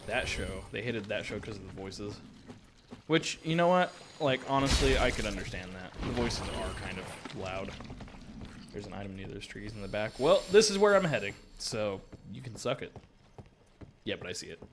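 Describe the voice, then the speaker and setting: A man's voice: on the low side, normal speed, noisy background. A young man giving casual live gameplay commentary, joking at himself and swearing often. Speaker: streamer.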